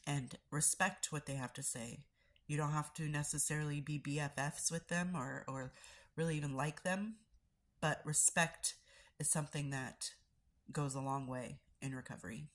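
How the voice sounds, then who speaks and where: A woman with a low, stuffy, congested voice talks in a casual, reflective way. She is earnest and supportive, and she often stumbles and repeats words as she thinks aloud. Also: steady tone, normal speed. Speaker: recovering addict sharing daily reflection.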